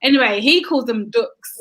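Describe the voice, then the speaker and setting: A woman's voice: fairly high pitch, a bit bright, low-quality recording. A woman co-hosting a podcast, telling family stories in a casual chat and laughing often. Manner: chatty storyteller, laughs often, acts out her child's voice. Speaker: podcast co-host, mother. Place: home in England.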